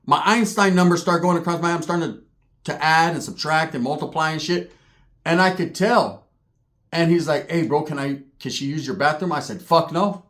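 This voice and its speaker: Young man, streetwise storyteller, loud profane rant, acts out every quote in a higher voice. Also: moderate pace. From California. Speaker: commentary vlogger.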